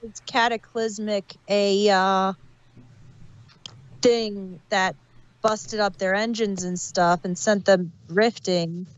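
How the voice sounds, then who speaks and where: A woman co-hosting a casual review podcast, speaking deliberately and building her point with examples over a muffled home microphone. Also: mid-range voice, fairly even intonation, clean tone. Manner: slow, deliberate, argues with examples. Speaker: podcast co-host. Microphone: muffled home microphone on a voice call. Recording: muffled, dull call audio.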